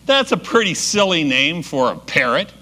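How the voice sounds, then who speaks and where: A man's voice: fairly high pitch, big pitch swings, moderate pace, pushed and bright. A man voicing a nervous, baffled burglar in a joke, asking incredulous questions.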